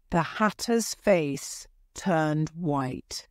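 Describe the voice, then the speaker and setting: Woman reading a story for english learners, really slow, lowish voice, dry close sound. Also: steady tone, darkish tone, no echo. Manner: clear, careful and unhurried.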